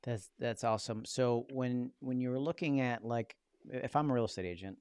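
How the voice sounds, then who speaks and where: A man's voice: mid-range voice, moderate pace, darkish tone, clean tone, dry recording. A man with a Rochester, New York accent hosting a casual interview, upbeat and asking questions with repeated words. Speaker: host.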